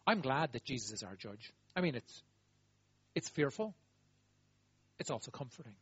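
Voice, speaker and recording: Animated, husky-voiced male preacher. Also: medium pitch, normal speed, no echo. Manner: animated, emphatic, swings between loud exclaiming and quiet asides. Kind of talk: sermon. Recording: dull lo-fi dry recording.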